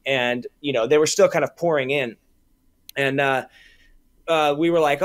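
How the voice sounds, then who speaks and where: A man, a film director being interviewed, telling an animated story with lots of restarts and quoted dialogue. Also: medium pitch, moderate pace, dry recording, clean studio sound. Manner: animated anecdotes, many restarts and acted quotes.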